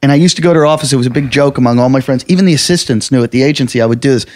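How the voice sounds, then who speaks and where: A man's voice: medium pitch, racing. A man who is a comedian, chatting casually and telling wry anecdotes about his past gigs. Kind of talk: casual chat.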